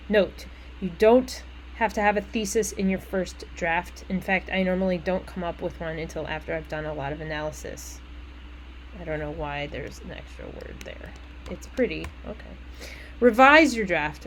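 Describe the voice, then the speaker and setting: A woman college English instructor walks through essay instructions in a conversational way, with casual asides and quick self-corrections. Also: fairly low pitch, a little hiss or hum, low-quality recording.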